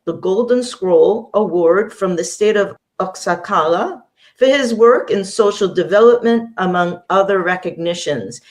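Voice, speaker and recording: A woman hosting an interview show, reading a formal introduction and asking questions. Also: mid-range voice. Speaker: show host.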